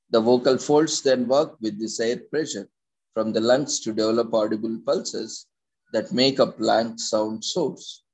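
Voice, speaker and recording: A man presenting an informative talk. He reads in a measured way, with hesitant fillers and restarts. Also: medium pitch, a little mellow, slightly rough, poor audio. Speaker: presenter of a daily topic segment.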